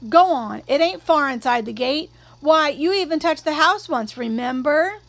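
A stubborn tomboy girl who won't back down and snaps back with quick retorts, as a woman reading the story puts her on. Her voice is high and pushed with force. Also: lively intonation, no room sound. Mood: defiant. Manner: defiant, retorting.

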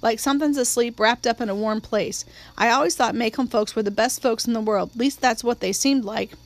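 A woman's voice: fairly high pitch, fairly quick, close to an everyday voice. A woman voicing an earnest, troubled teenage boy.

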